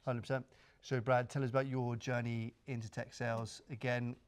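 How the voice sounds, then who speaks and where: A man hosts an interview at a live event in an office. He asks his guest steady, encouraging questions in a flat, even tone. His voice sits at an ordinary middle pitch. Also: moderate pace, clear, resonant tone. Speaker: host, founder of the training course. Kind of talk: interview host.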